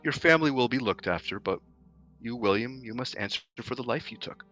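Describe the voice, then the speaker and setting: A man voicing an aging, scarred Goliath warlord who speaks slowly and solemnly. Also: animated, pushed and bright, dull audio, faint music behind. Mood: rousing. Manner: slow, solemn, booming delivery.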